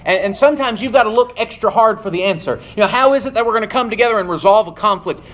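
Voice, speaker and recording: High-voiced man preaching a sermon. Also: fast talker, fairly bright tone. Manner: earnest, emphatic, drops low at phrase ends.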